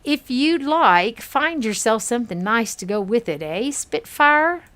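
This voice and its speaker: A brash, folksy Texan charmer, read aloud by a woman from Kentucky as she plays a video game. His voice is sing-song and lively, swooping up and down as he reads his letter. The accent is only lightly put on. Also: a little high, a little slow. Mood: folksy, breezy.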